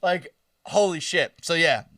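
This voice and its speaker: A man's voice: a little high, measured pace, sharp tone, no echo, clean studio sound, recorded from a distance. A young man in his twenties, co-hosting a podcast, telling a story in a loose, profane, laughing way. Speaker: podcast co-host. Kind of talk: casual storytelling chat.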